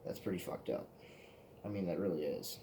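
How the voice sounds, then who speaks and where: A man's voice: low voice, fairly quick, noisy background. A man telling rambling, profane stories to the camera in a casual vlog, often laughing at himself. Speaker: vlogger.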